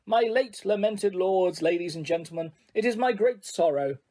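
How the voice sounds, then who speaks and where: A proud, touchy ghost of a nobleman, read by a man. He speaks stiffly and formally, with a bitter edge. The voice stays fairly high. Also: normal speed, dark tone, close to an everyday voice.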